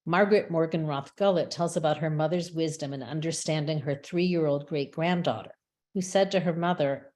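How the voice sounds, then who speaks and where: A woman giving a measured, reflective prepared talk as a webinar speaker, with small restarts now and then. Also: low-pitched, a little mellow. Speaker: rabbi and chaplain speaker. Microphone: webinar microphone.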